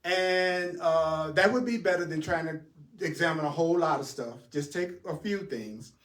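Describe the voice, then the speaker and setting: A man teaching a spiritual class in an animated way, asking rhetorical questions, answering them himself and chuckling often. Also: on the high side, normal speed. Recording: roomy sound from a distant mic.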